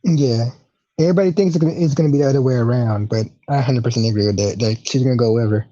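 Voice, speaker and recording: A man's voice: medium pitch, very fast, dark tone, no room sound. A man co-hosting a casual chat, chiming in with short agreeing remarks. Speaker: podcast co-host. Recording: slightly dull lo-fi audio.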